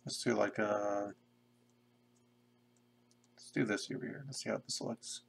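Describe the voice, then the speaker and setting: A young man casually talking to himself in a flat monotone while drawing pixel art on a live stream. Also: lowish voice, measured pace, gravelly, slight background noise. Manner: mumbling to himself, self-described monotone. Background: keyboard typing and clicking.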